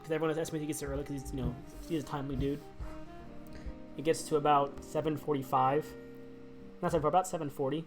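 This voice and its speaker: A man's voice: a little high, fairly even intonation, fast, pauses often, music in the background. A man narrating a tabletop role-play game as game master, casual and chatty, often laughing and restarting his sentences.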